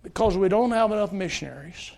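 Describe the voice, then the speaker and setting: A middle-aged male preacher with a notably high voice delivers a sermon in church. He talks in an earnest, pleading way, telling stories and urging his listeners directly. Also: lively intonation, fast talker, vocal fry, a little mellow. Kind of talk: sermon with altar call. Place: church service.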